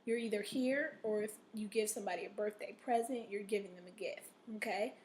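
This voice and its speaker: A woman's voice: medium pitch, fairly quick, a little mellow. A woman teacher giving a recorded reading lesson to children, patient and checking in often, sometimes reading aloud with expression. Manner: patient, repeats "okay?" to check in.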